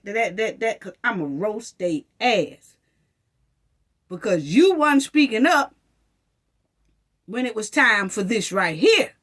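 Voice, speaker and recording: A woman giving passionate, repetitive commentary to her viewers, mocking officials with quoted phrases. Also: on the high side. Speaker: commentary channel host.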